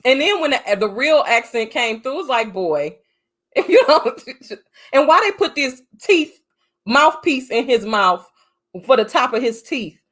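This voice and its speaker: A woman's voice: sits high, animated, normal speed, a bit bright. Chatty emphatic woman co-host. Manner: chatty, emphatic, exasperated asides. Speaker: podcast co-host. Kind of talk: casual chat movie review.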